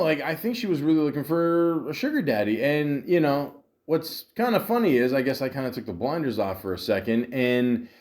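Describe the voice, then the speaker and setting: A man's voice: medium pitch, darkish tone. Frustrated rambling podcast host, man. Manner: rambling, frustrated, full of fillers and quoted back-and-forth. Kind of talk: casual storytelling monologue. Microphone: podcast microphone.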